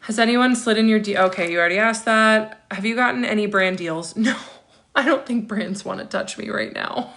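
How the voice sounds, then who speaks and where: Her voice sits at medium pitch, a bit bright, with vocal fry and normal speed. The woman, in her thirties, is hosting a relaxed livestream where she reads out viewer comments and replies with chatty asides, laughing a lot.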